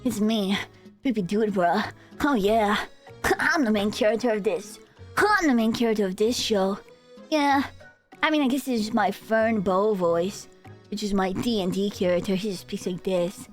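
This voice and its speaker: A woman putting on the voice of a bratty young male femboy, speaking in a lazy, laid-back drawl, lower than her own. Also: normal speed, soft background music, natural voice. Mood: cocky.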